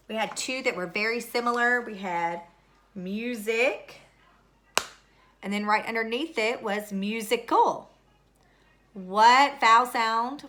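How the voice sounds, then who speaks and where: Here a woman with a mid-range voice that sounds pushed and bright teaches third graders a word study lesson, recorded in class. Her delivery is slow, patient and deliberate, with every word repeated for spelling.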